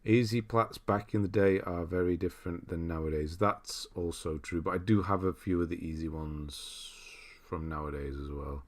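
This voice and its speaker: Hosting a relaxed livestream, this young man from Britain chats freely, reads out what viewers write, and laughs a lot. He speaks at a normal pace with a voice that sits low.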